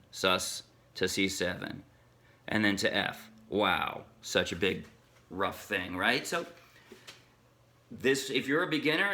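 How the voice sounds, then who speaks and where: A man teaching a ukulele song in a relaxed, chatty way, breaking off now and then to sing a line. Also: medium pitch. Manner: chatty, self-interrupting, sings snatches while strumming. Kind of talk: casual music tutorial. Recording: ukulele strumming under the voice. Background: ukulele playing.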